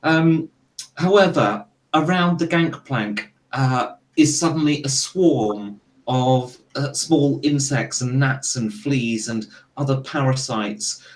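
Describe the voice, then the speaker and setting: A man's voice: medium pitch, slow. A man playing a tabletop role-playing game, thinking aloud and hesitating as he declares actions. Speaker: player. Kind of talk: casual tabletop play. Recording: distant from mic, faint noise.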